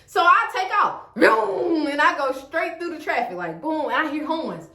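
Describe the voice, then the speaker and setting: A woman's voice: high-pitched, normal speed, creaky, roomy sound. A woman telling a story to camera in casual, slangy chat, acting out the quoted lines. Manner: animated, slangy, acts out quotes. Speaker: storyteller vlogger.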